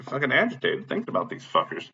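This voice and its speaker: A man ranting angrily about his neighbors and landlord, swearing constantly and admitting he is high. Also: wildly swooping pitch, fast, bright, forceful tone, highs cut off. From Illinois. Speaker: tenant complaining about his apartment complex. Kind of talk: angry profane rant.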